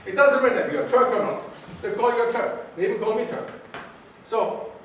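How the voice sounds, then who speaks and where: A man's voice: very high voice, a little fast, fairly bright tone, recorded from a distance, slight background noise. A man from Greece giving a lecture to students, quizzing the audience and repeating key phrases. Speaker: guest lecturer. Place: university lecture room. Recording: very echoey hall, taped from afar.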